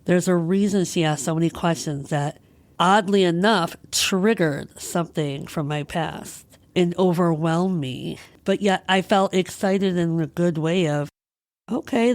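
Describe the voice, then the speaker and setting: A woman hosts her podcast with a low voice that sits close and dry. She speaks candidly and with feeling, searching through a personal story. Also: measured pace, darkish tone, dry recording. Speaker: podcast host. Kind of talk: personal reflective monologue.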